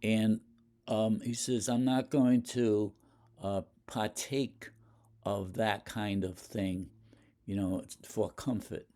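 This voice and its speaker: A man lecturing on poetry, talking deliberately, with fillers and restarts. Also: fairly low pitch, steady tone, mellow. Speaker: literature lecturer. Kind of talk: explaining poetry.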